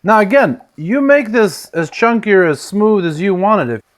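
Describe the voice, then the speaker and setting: A man with a high voice hosts a casual cooking demonstration in his home kitchen at a moderate pace. He keeps things chatty and jokey, and his voice swings in loudness, at times drifting off the microphone.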